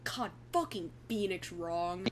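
A man's voice: high voice, slow, noisy background. A young man co-hosting a let's-play podcast, giggling and making crude jokes in casual banter. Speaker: co-host.

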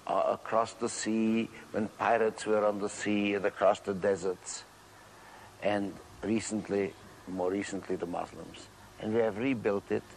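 A man with a fairly low voice, a city mayor, explains history to a visitor in a measured, patient way and stops now and then to find the next word. A faint wash of background noise sits under him. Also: a little mellow, poor audio.

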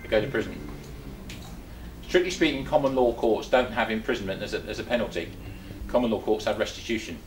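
A man's voice: fairly low pitch, a little fast, roomy sound, noisy background. An older man from England giving a chatty talk to a small group, full of rhetorical questions and restarts. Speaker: presenter. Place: meeting room.

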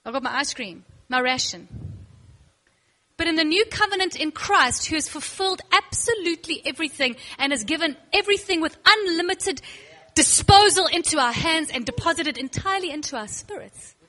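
Lively high-voiced woman teaching. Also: fairly quick. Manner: playful, acts out scenes with students; emphatic, bursts of excitement. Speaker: worship teacher. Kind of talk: animated classroom teaching.

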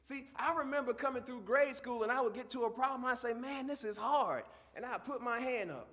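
A male pastor preaching a sermon, moving from quiet teaching to loud, fervent preaching. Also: very high-pitched, fast talker.

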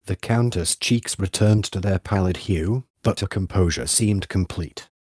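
Male audiobook narrator, low voice, dry close sound, measured literary reading. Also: darkish tone, dry recording.

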